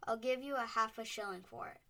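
A woman's voice: fairly high pitch, brisk, pushed and bright. A woman voicing old Scrooge in a storybook reading, begging and then bursting with joy. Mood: overjoyed. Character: old man Scrooge, fearful then overjoyed. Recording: voice a bit distant from the mic.

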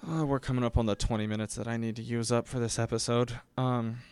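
A man's voice: mid-range voice, level tone, fast talker, darkish tone, clean tone, dry recording. A man hosting a podcast, telling stories in a casual, rambling way, often correcting himself and acting out the people he quotes. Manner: rambling, self-correcting, acts out quoted voices. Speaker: podcast host. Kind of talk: casual solo storytelling.

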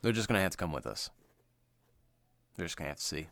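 A man co-hosting a podcast in profane, excitable casual chat, laughing often. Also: low-pitched, quick pace, vocal fry, no room sound. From United States. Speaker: podcast co-host.

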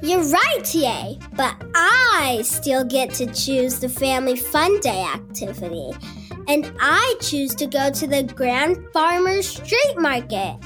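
A woman's voice: high voice, very animated, slow pace, pushed and bright, soft background music, heavily acted. Penny, a bubbly little girl. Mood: cheerful. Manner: eager and bubbly. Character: cheerful curious little girl.

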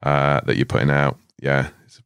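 A man's voice: very deep voice, fairly even intonation, moderate pace, vocal fry, a bit bright, clear, resonant tone, no room sound. A young man in his twenties, a podcast guest telling stories in a laid-back way, swearing often and laughing as he goes. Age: 20s. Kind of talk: casual storytelling chat. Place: podcast studio.

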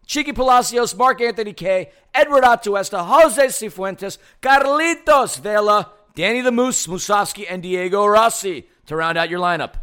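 Fired-up male podcast co-host, high, lively voice, theatrical rants. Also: clear, resonant tone. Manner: loud, heated, theatrical. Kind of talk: fired-up fan podcast rant. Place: studio.

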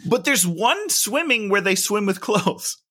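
Lively, bright-voiced podcast co-host. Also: medium pitch, a little slow, slightly rough. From Minnesota. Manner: animated, jokey, exaggerating. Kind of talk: casual chat about a movie.

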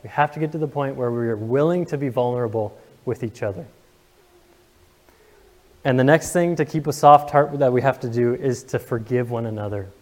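Speaking fairly quickly in a mid-range voice, a young pastor delivers an earnest, emotional sermon in a large church sanctuary, putting questions to his congregation.

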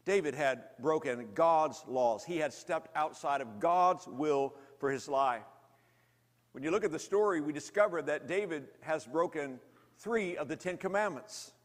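A man preaching a sermon, telling a story dramatically, rising to loud intensity and dropping to hushed, slow lows. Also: expressive, long reverb tail.

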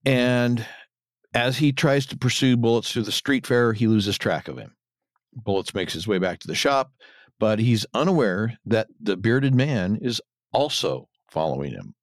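A man's voice: fairly low pitch, animated, measured pace, dry recording. Male podcast co-host, casual recap voice, dry close-mic sound. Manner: retells scenes, mimics characters in a raised voice. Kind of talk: casual episode recap chat.

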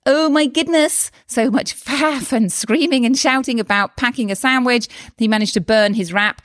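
A health coach living in Spain chats casually on her solo podcast, animated, exclaiming often and tossing in quick asides. Her voice is a little high, recorded at studio quality with no echo.

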